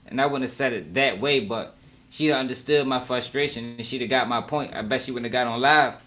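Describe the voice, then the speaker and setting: A man's voice: medium pitch, fairly bright tone. A man giving casual, slangy live reaction commentary, talking freely and laughing along. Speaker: reaction streamer.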